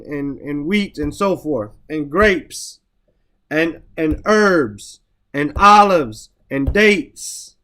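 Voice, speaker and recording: A man teaching the meanings of Quranic verses, reciting the Arabic quickly, then explaining each word slowly with repetitions. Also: on the high side, a bit bright. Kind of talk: Quran vocabulary lesson.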